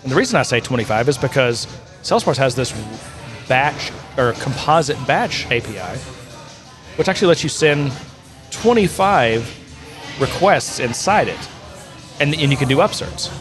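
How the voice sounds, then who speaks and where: Music plays behind a mid-range, animated male voice moving at a moderate pace. The speaker, a podcast co-host and software integration developer, rambles and backtracks to fix his words while enthusiastically describing integration work in a casual tech chat.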